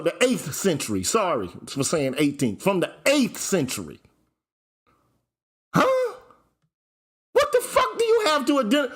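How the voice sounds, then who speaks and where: A man's voice: sits high, fairly bright tone. A man hosting his own channel, delivering a fiery, profane commentary rant that hammers the same point with repetition. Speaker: channel host. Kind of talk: ranting commentary vlog.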